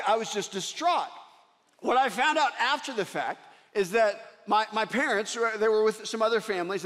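A man preaching a sermon, telling a personal story in an earnest way that swings from loud to hushed. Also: high-pitched. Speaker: pastor. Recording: long reverb of a large hall.

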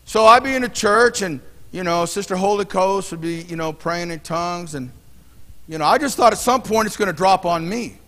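High-voiced preacher in a reverberant hall. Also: male voice, moderate pace, a bit bright. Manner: conversational preaching with personal stories, fillers and restarts. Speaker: pastor. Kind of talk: sermon. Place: church sanctuary.

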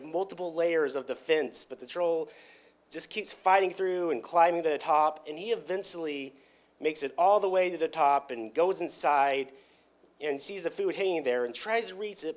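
A man with a somewhat raised voice talks his way through a cartoon plot in a loose, casual way. He rambles, leans on filler words and often restarts his sentences. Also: a little high. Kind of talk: casual retelling of a cartoon episode.

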